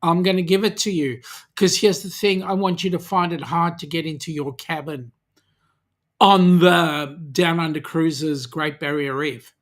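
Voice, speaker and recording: A man's voice: a little high, fairly even intonation, a little slow. A man with an Australian accent hosting a casual livestream, reading out viewer comments with lots of ums and friendly teasing. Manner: chatty, hesitant with frequent ums, teasing. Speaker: livestream host.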